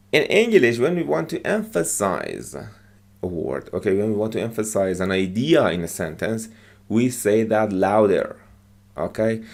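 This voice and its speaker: A man's voice: on the low side, sing-song, measured pace, gravelly, a little mellow. A man teaching English by explaining short movie lines, patiently repeating phrases and checking with "okay?".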